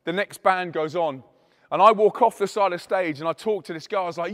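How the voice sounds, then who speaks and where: Speaking fairly quickly in a high register, a male Christian youth speaker shares an emphatic testimony with his audience. The room sounds big, and he animates the story by acting out each line of dialogue.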